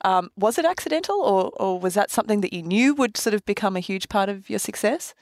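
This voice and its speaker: A woman hosting an interview, asking measured, probing questions. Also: mid-range voice, animated, no echo, clean studio sound.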